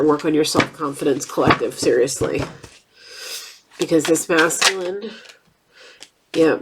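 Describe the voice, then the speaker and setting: A woman's voice: lowish voice, background noise. A woman giving a casual tarot reading, chatty and blunt, with a stuffed-up nose. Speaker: tarot reader.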